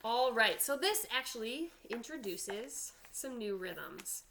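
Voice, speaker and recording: A woman's voice: fairly high pitch, sing-song, takes it slowly, bright, forceful tone, slight background noise. A woman band teacher giving an online drum lesson, counting aloud and checking in with "all right?".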